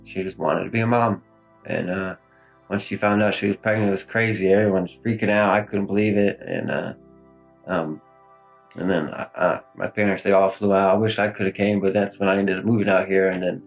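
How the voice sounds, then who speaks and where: A man in his thirties speaking in a recorded police interview, halting and grief-stricken, with many fillers and trailing pauses. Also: low voice, fairly even intonation, creaky, lo-fi sound, soft background music. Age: 30s.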